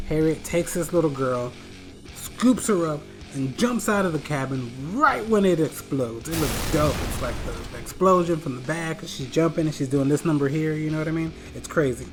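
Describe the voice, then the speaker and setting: A comedic narrator retelling an action movie, excitable and full of sound effects and slang. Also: mid-range voice. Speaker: comedy film recapper.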